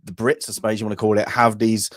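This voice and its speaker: A man's voice: on the low side, flat delivery, quick pace, dry recording, studio quality. A man co-hosting a casual film review podcast, rambling with plenty of fillers. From England. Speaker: podcast co-host.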